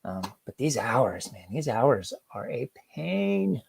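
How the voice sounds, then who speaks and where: A young man hosts a relaxed live stream from home, chatting loosely and greeting viewers one by one. His voice has a gravelly, creaky edge. The sound is close and dry, with no room echo. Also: mid-range voice, takes it slowly. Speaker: livestream host. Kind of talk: casual live-stream chat.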